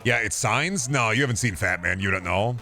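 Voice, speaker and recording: A man's voice: fairly low pitch, expressive, fairly quick, sharp tone. A man streaming a game, chatting casually and opinionatedly about movies, swearing often. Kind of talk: casual chat while gaming.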